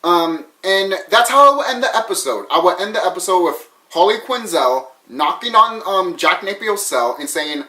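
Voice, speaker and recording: A young man rambles through a fan theory for his viewers, stumbling and restarting as he goes. His voice sits a little high. The room around him rings with echo. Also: moderate pace, pushed and bright. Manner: rambling, stuttering and restarting, says so himself. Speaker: vlogger sharing a fan theory. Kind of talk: casual rambling talk to camera.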